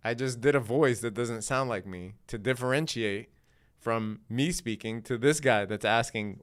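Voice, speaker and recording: A man's voice: medium pitch, normal speed. A man hosting a live day trading stream, talking in a casual, slangy, laid-back way and laughing often. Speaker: day trading livestream host.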